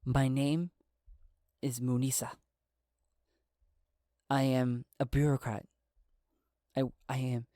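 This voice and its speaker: A man's voice: medium pitch, a little mellow, dry recording, clean studio sound, lightly acted. A man narrating a solo tabletop game and voicing a frightened woman in her late thirties, an accountant, who stammers nervously.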